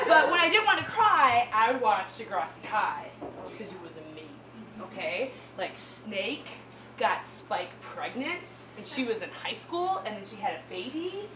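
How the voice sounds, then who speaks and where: A young woman with a Midwestern accent doing an animated stand-up set, laughing at her own punchlines. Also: a little high, moderate pace, noisy background. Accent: Midwestern American. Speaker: stand-up comedian. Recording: echoey room with mic far off.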